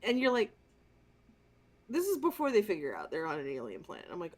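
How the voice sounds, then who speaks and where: A woman co-hosting a casual movie review podcast, telling the story in an animated, exasperated and profane way. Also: mid-range voice, a little fast, pauses often. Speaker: podcast co-host.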